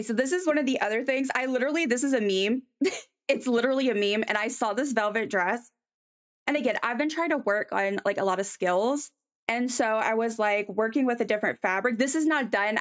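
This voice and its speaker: A woman's voice: on the high side, brisk. A woman chatting casually on a live stream as she draws, rambling with many ums and answering chat.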